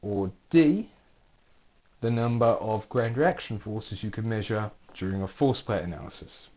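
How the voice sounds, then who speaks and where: A man's voice: fairly low pitch, a little slow, dark tone, muffled recording. A man, a university lecturer, reading out multiple-choice quiz questions with playful dry asides.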